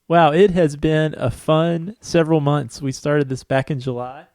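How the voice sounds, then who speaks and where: A man's voice: on the high side, steady tone, measured pace, a little mellow, no room sound, studio quality. A man co-hosting a casual podcast, chatty and friendly, often laughing. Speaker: podcast co-host.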